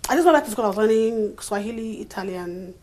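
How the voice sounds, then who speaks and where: A young adult woman chatting as an interview guest, lively and expressive, restarting sentences and laughing easily. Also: mid-range voice, fast, a little hiss or hum. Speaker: interview guest, actress and voice artist. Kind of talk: casual interview chat.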